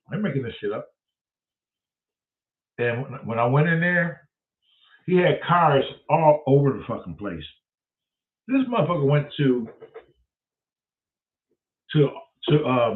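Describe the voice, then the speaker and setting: A man, hosting and telling a profane, animated story, acting out both sides of the conversation. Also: mid-range voice. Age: 60s. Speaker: host. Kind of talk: casual storytelling. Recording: tinny phone-like sound.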